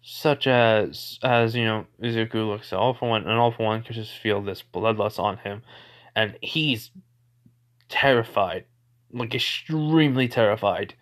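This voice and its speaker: A man's voice: on the low side, measured pace. A man narrating an improvised fan-fiction story in a rambling way, with many fillers and restarts.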